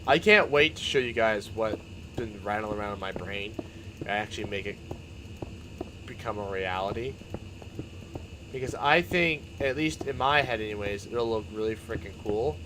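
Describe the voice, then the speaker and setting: A young man chatting casually on his stream, rambling and excitable, often laughing and restarting his sentences. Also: lowish voice, moderate pace, pauses often, noisy background. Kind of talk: casual chat while building in a game stream.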